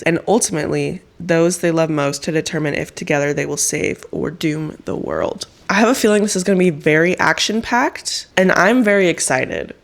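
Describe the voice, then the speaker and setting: Young woman, 20s, casual enthusiastic book vlogger, lower-pitched. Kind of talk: casual vlog chat. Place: at home.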